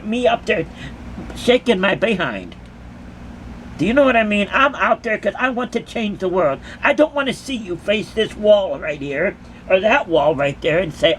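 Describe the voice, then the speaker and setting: A woman's voice: mid-range voice, slight background noise. A woman who dances at concerts giving an impassioned, emphatic monologue to her critics, full of repeated rhetorical questions.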